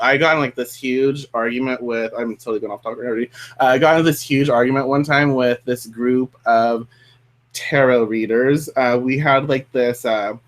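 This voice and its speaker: A man hosting a casual chat, talkative and rambling, drifting off on tangents. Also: mid-range voice. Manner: chatty, rambling, goes off on tangents. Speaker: host.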